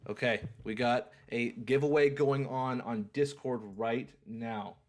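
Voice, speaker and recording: A man's voice: mid-range voice, unhurried, darkish tone, faint music behind. A young man hosting a livestream in a casual, upbeat way, repeating his phrases like an auctioneer. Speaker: livestream host.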